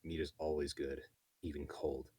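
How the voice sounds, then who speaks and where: A man's voice: extremely low pitch, flat delivery, normal speed, dark tone, breathy edge, voice pushed down. A man voicing a terse beast-woman swordswoman who answers in curt grunts. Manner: curt, grunting one-word replies.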